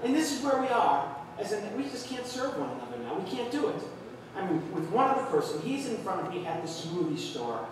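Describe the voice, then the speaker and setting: In a large church hall with an audience, a man tells a stand-up comedy story, acting out the people in it with quoted voices. His voice is high-pitched with big pitch swings and a little fast. Background noise is present, and the echoey hall was recorded from far off.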